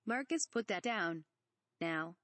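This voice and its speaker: A woman's voice: fairly low pitch, expressive, slow pace, fairly bright tone, no echo. A woman voicing an irritable young male pilot, reading his snappish lines from a parody script. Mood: annoyed. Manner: exasperated, snappish.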